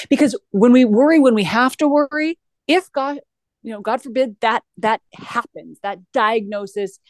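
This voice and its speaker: A woman's voice: fairly high pitch, normal speed, no room sound. A woman guest talking earnestly in a conversational interview, with frequent restarts. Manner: earnest, animated, with many restarts.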